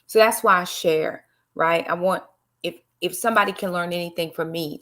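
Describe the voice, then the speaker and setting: A woman's voice: lowish voice, fairly even intonation, a little fast, fairly bright tone. A middle-aged woman, hosting a casual live-stream devotional talk, chatty and greeting viewers by name with preachy asides. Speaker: livestream host and Bible study teacher.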